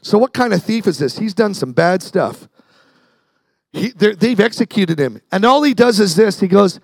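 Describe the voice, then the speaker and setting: A man's voice: sits high, big pitch swings, moderate pace, vocal fry, dry recording. A man preaching a sermon as pastor, talking conversationally, repeating words and acting out the people in his story.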